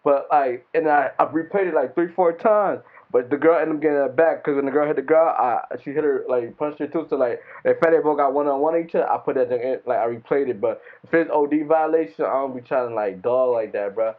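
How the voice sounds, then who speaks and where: A man's voice: medium pitch, brisk, hardly any pauses. Man on a thin, phone-like line. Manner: rambling slangy storytelling. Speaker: podcast co-host and video editor. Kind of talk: casual chat.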